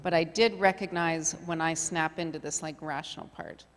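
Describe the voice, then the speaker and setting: A middle-aged woman with a fairly low voice runs a community leadership workshop, talking loosely and conversationally with plenty of fillers. Her voice rings out with the long reverb of a meeting hall. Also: fairly even intonation, normal speed. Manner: chatty, filler-heavy, conversational. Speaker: workshop facilitator. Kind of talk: casual workshop presentation.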